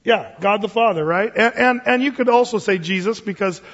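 A man's voice: high-pitched, a little fast, a bit bright. A man preaching a casual verse-by-verse Bible sermon, joking and digressing as he teaches. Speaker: pastor. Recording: dull sound with long reverb.

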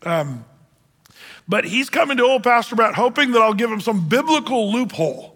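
Bright-voiced male pastor preaching in an echoing hall. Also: very high voice, sing-song, moderate pace. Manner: conversational, restarts and repeats words. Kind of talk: sermon.

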